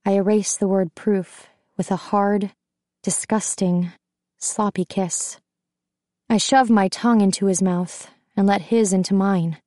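A woman reads a first-person novel aloud with a tense, intimate delivery. Her voice is dark and mellow and sits at a middle pitch. The recording is close and dry. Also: steady tone, unhurried, no echo. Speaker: audiobook narrator.

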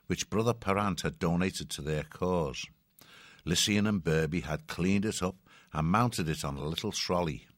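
Audiobook narrator: man with a very low voice, dry close recording, measured delivery. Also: no echo. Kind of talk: scripted storybook narration.

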